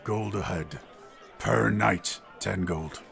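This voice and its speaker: Man as a terse, gruff innkeeper, lower than his own voice, short grudging replies. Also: takes it slowly, a bit bright, soft background music, exaggerated voice. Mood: curt. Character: curt, gruff male tavern keeper.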